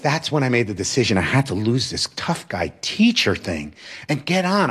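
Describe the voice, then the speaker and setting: A man and former teacher telling a personal story in an animated, expressive way. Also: fairly high pitch, moderate pace, slightly rough. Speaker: former teacher and religious brother.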